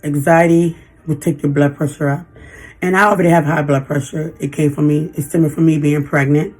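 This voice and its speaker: A woman in her fifties venting in a personal vlog, halting and emotional, holding back tears. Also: sits low, fairly even intonation, a little mellow. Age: 50s. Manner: emotional, halting, frequent restarts. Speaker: vlogger.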